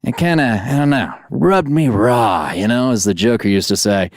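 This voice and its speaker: Playful podcast host, lively swooping pitch. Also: male voice, normal speed, no room sound, clean studio sound. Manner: playful, jokey, rambling asides. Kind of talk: podcast interview and sign-off. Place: studio.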